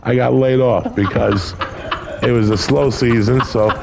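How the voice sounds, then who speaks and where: A man's voice: medium pitch, fairly even intonation, measured pace, vocal fry, noisy background. A man in his sixties, a podcast guest telling a story in casual chat, blunt and profane.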